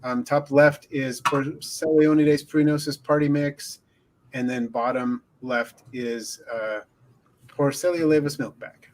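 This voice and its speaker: An easygoing man chats on a livestream at a mid pitch. He hesitates and chuckles as he goes. There is faint ambient noise behind his voice. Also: fairly even intonation, slow. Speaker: guest isopod keeper. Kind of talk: casual livestream chat.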